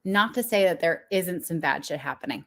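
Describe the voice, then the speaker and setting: This business coach, a young adult woman, has a lowish, animated voice and talks at an ordinary speed. She gives viewers a frank, confessional pep talk, breaking into laughter frequently.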